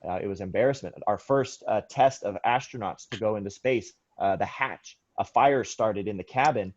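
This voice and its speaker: A man's voice: on the low side, moderate pace, highs cut off. A man teaching a history class, lecturing loosely with many restarts and firing questions at his students. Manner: rambling, self-correcting, quizzes students.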